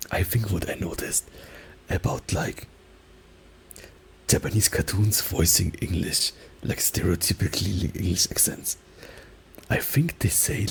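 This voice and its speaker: Soft-spoken ASMR guy, gravelly and low, slow whispery delivery into a binaural mic. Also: a little hiss or hum. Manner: alternates soft talking and whispers, many "like" fillers. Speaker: ASMR creator.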